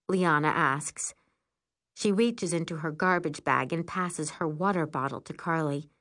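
A woman narrating a first-person storybook in an expressive, lively way. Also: fairly low pitch, moderate pace.

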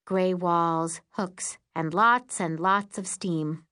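A woman reading a first-person story aloud as an audiobook narrator, measured and even. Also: on the low side, clear, resonant tone.

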